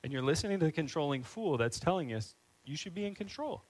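A man's voice: fairly high pitch, expressive, fast talker, low-quality recording. A man preaching a sermon as a pastor, earnest and building into fervent, emphatic questions.

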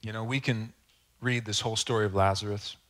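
A man's voice: lowish voice, fairly even intonation, brisk, a bit bright. A man preaching a sermon as pastor, speaking earnestly and conversationally, with asides and questions to the congregation.

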